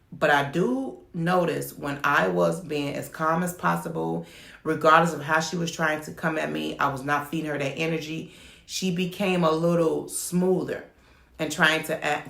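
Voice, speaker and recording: A woman's voice: deep voice, creaky, fairly bright tone, echoey room. A woman who runs a home child care business, talking frankly to the camera and telling her stories with emphasis. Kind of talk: candid talk-to-camera advice.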